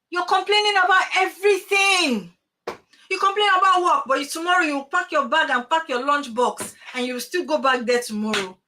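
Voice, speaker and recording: A middle-aged transformational coach gives parents an animated motivational talk over a video call, packed with emphatic rhetorical questions. She speaks briskly in a voice that sits high.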